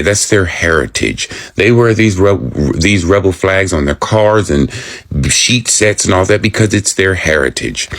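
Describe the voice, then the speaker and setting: A man with a very low, deep voice. He speaks earnestly, laying out his argument point by point in a video monologue. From American South. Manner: earnest, building a steady argument. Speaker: social media commentator.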